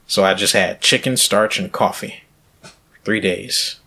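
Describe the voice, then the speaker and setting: A man with a husky, low voice tells a rambling, crude story on a casual podcast. He talks loosely, with deadpan jokes. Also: measured pace. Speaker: podcast co-host. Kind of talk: casual chat.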